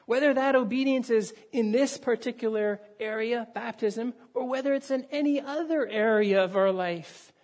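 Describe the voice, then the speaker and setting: A man's voice: extremely high pitch, moderate pace, hardly any pauses, a little mellow. A male pastor delivering a sermon, telling a story with acted dialogue and raising his voice for emphasis.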